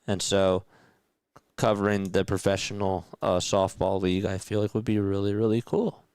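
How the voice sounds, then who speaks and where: Relaxed young man doing casual play-by-play. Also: low-pitched, moderate pace, clean tone, no echo. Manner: relaxed, chatty, answers viewer comments between calls. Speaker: play-by-play commentator and streamer. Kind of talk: casual radio-style play-by-play mixed with chat.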